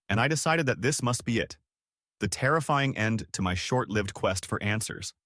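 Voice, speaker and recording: A young man narrating a horror story in a dramatic, expressive way. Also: fairly low pitch, no room sound, clean studio sound. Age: young adult.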